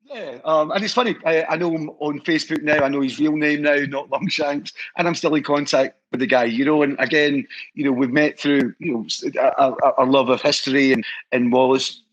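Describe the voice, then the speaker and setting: A man's voice: on the high side, fairly even intonation, fairly quick, few pauses, fairly bright tone, muffled recording. A Scottish man, a guest who heads a historical society, telling stories in an enthusiastic, rambling way with many restarts. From Scotland. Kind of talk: casual storytelling chat.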